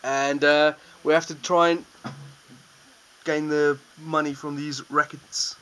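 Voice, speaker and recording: A man with a bright, slightly high voice hosts a board game night. He explains the rules in a loose, laughing way, with plenty of fillers along the way. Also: takes it slowly, a little hiss or hum, poor audio. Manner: laughs often, relaxed rundown with fillers. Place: indoors around a game table.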